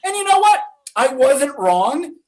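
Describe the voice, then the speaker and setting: A brash, mocking comedy host, played by a man, roasts his guests in a high voice. The background is noisy. He sneers and jabs at everyone in a brassy, showy tone. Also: very animated, measured pace, full character voice. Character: brash insulting character host Tad. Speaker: comedy show character.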